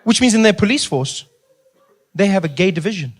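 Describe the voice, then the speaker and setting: A man from South Africa doing a stand-up comedy routine on a theater stage, telling animated stories and acting out the people in them. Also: high voice, a little fast, husky. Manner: animated storytelling, acts out characters. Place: theater stage before a live audience.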